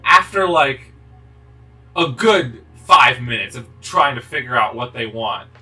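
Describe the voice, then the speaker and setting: A young man with a very bright, sharp-edged voice tells a rambling story in casual chat, swearing and restarting his sentences. He sits a little away from the mic, and game music plays faintly behind him. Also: medium pitch, far from the mic, rough recording. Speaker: gaming video co-host. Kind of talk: casual chat while playing.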